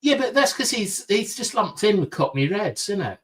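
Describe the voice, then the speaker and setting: A man co-hosting a live-streamed fan show, talking in a lively, opinionated way with plenty of "like" and restarts. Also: high voice, normal speed. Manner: animated, opinionated, rambles with fillers. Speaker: podcast co-host. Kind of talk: casual live-stream chat.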